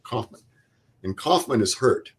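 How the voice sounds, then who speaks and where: An older man, a veteran guest in an interview, retelling a night in combat in plain, vivid words with quoted dialogue and pauses. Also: mid-range voice, expressive, breathy edge. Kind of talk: interview storytelling.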